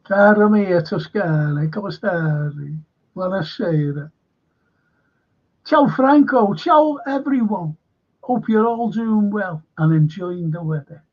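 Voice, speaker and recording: Here a Liverpool-born historian talks slowly, his high voice full of lively intonation, on a laid-back livestream. He meanders as he chats, swears without holding back and reads viewers' comments aloud, with the audio coming through dull and lo-fi.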